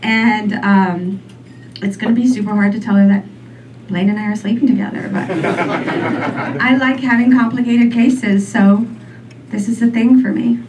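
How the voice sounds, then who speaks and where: A woman's voice: medium pitch, a little slow, long pauses. Rambling woman comic in her forties. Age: 40s. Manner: rambling, filler-heavy, deadpan. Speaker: stand-up comedian. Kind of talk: stand-up comedy set. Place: comedy club stage. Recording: distant mic with faint room noise.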